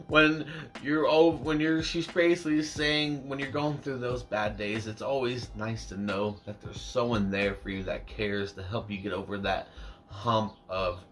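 A man's voice: medium pitch, a bit bright. A young man rambling casually about a song he is reacting to, self-mocking and easily distracted. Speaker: music reaction YouTuber.

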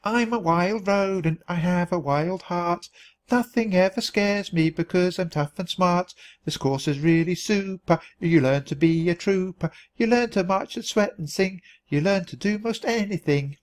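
A man's voice: huge pitch swings, a little slow, exaggerated voice. Man doing a shrieking bossy female mouse drill sergeant. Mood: singing. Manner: shrill, barking commands.

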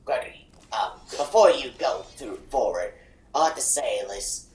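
A performer voicing a robot bear stuck with a raspy, cracking high voice in a real-time game fandub. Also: expressive, normal speed, darkish tone, lightly acted. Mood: grumbling. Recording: roomy, distant, faint background noise.

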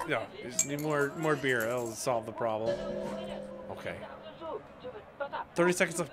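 A man's voice: medium pitch, lively intonation, unhurried, long pauses, music in the background. A man hosting a gaming channel, chatting in a bemused way to himself as he plays a game. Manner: chatty, bemused, talking to himself while playing. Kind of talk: let's play commentary.

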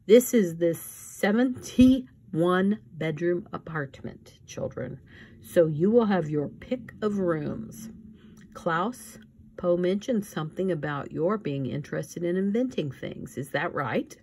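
Casting: woman playing an easygoing, agreeable wealthy man, low and a bit husky. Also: animated, slow pace, warm tone, full character voice. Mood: polite. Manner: polite and easygoing. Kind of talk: audiobook reading.

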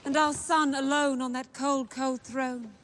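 Posh English stage queen: high, theatrical, declaiming. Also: flat delivery, measured pace, fairly bright tone. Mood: mournful.

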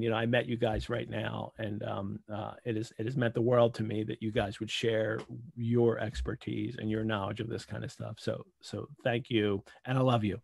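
A man hosting a live video call, giving heartfelt, halting thanks to his co-hosts and audience while holding back tears. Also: mid-range voice, creaky, no room sound. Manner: heartfelt, halting, many restarts. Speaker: host. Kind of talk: emotional closing remarks on a live video call.

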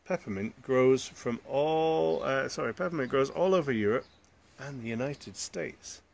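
A man's voice: mid-range voice, measured pace, gravelly, slight background noise. A man reading a children's picture book aloud, adding chatty asides to the listeners. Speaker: storyteller.

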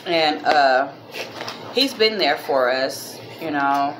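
This mother's casual vlog talk is heartfelt and faith-filled, rambling, with "y'all" for her viewers and a minor cough. Her low-pitched voice is expressive and unhurried, set against a noisy background.

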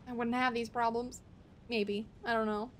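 A woman game streamer talks through her play in a fairly high voice, at an unhurried, drawn-out pace. She murmurs encouragement to herself and chats with a friend, then breaks into loud outbursts. A faint hum of noise sits under her voice. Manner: expressive, swings between muttering to herself and loud outbursts. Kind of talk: live gaming stream chatter.

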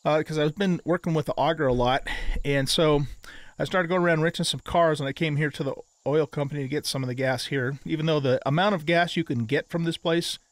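An older man hosts his own gaming series, talking through his play in a loose, chatty way. His voice sits a little high for a man. He often pauses on "um" and restarts his sentences as he explains what he is doing. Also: no echo. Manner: chatty, frequent ums and restarts. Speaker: gaming YouTuber. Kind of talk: casual gameplay commentary.

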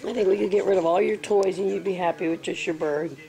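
A woman's voice: on the low side, steady tone, quick pace, vocal fry, noisy background. A mother talking baby talk to her infant son at home, coaxing him with sing-song, repetitive prompts.

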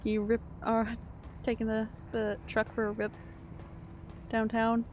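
A woman's voice: on the high side, completely flat delivery, measured pace, muffled recording, a little hiss or hum. A woman streaming a video game, chatting casually, laughing often and answering her chat. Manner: chatty, giggly, reads chat aloud.

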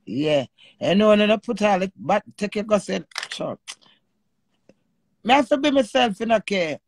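Brief: Jamaican woman, live-stream host, fiery and emotional, rough gravelly voice, dry close sound. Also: mid-range voice, normal speed, no echo. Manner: animated, emotional, swears freely in patois. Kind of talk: live-stream chat with callers.

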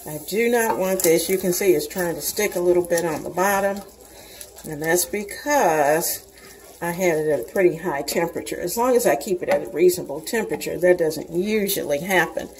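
A woman's voice: on the low side, normal speed, slight background noise, low-quality recording. A woman in her sixties hosting a cooking show from her home kitchen, chatting to viewers in a homey way as she cooks. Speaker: cooking channel host. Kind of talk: casual cooking demonstration.

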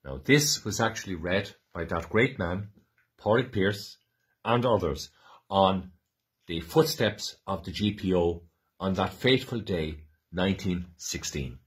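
Irish male host, fervent and emotional commemorative address, low husky voice. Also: lively intonation, measured pace. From Ireland. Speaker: programme host. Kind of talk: impassioned commemorative address and reading aloud.

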